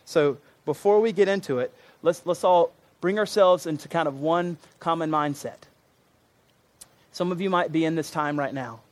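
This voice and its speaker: A man preaching a sermon to his congregation, earnest and emphatic, often repeating himself for weight. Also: on the high side. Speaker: pastor.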